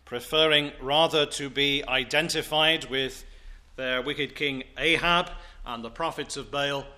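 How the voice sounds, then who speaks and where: Man preaching in church, reads scripture slow and solemn, kinda bright higher voice. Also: steady tone. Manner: slow, solemn, deliberate delivery. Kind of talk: scripture reading and sermon.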